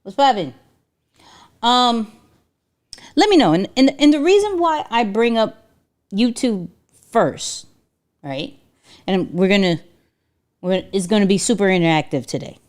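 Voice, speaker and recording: An unhurried woman hosts a casual livestream from her computer. She talks straight to her viewers, reads their comments aloud and keeps checking in with "right?". Her voice sits at a middling pitch. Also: expressive, a little mellow. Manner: reads chat aloud, repeats herself, many "right?" tags. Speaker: livestream host. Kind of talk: casual interactive livestream chat.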